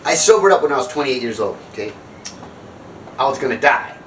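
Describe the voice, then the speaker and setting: A man's voice: mid-range voice, expressive, brisk, fairly bright tone, recorded from a distance, slight background noise, poor audio. A man in his sixties telling a rambling, self-mocking comic story about his past, often breaking off and starting over. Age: 60s. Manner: rambling, self-mocking, jumps back and restarts. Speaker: comedic speaker on sobriety. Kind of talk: comedic storytelling monologue.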